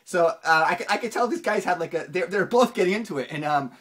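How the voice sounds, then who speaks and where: A finance channel host giving casual video commentary, rambling with many restarts and fillers, and jumping up in pitch for emphasis. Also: fast. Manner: animated, pitch jumps up for emphasis.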